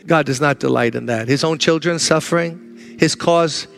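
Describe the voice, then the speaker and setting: A man preaching a sermon with deep emotion, moving between urgent, rising declarations and low, hushed passages. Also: moderate pace, vocal fry, faint music behind. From United States. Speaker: pastor.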